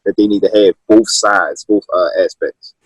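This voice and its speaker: A man's voice: fairly low pitch, fairly even intonation, moderate pace, slightly rough, no room sound, low-quality recording. A man in his thirties, a wrestling coach from Maryland, talking loosely with restarts in a casual interview. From Maryland, USA. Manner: loose, rambling storytelling with many restarts. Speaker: high school wrestling coach, guest.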